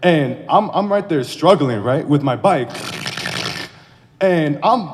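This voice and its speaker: A man's voice: on the high side, very animated, takes it slowly, long pauses. Teen guy improvising a slangy comic story. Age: teens. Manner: slangy, self-mocking storyteller who exaggerates. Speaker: drama contestant. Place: school auditorium. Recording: long hall reverb.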